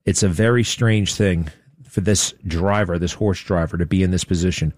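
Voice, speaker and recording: Low-voiced guy doing talk radio, sarcastic and rambling, dry close sound. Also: steady tone, moderate pace, no room sound. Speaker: radio talk show host. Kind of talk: opinionated talk radio monologue.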